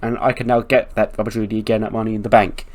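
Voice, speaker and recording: A man's voice: on the low side, flat delivery, racing, close to an everyday voice. A man doing a smug, cocky wrestling star. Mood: determined. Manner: boastful, lecturing. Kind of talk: casual let's-play voice acting.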